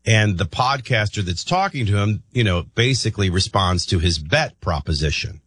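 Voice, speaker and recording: A male talk radio host with a husky voice that swings up and down a lot. He rambles and thinks out loud, often restarting his sentences. The studio sound is dry and close. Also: on the low side, animated, moderate pace, hardly any pauses, no room sound. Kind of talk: morning talk radio commentary.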